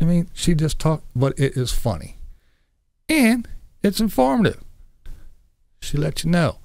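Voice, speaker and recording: Gravelly, blunt ranting man. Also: a little high, very animated, unhurried, pauses often, a little mellow, no echo. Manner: blunt, crude, combative. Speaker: vlog host. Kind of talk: profane ranting vlog.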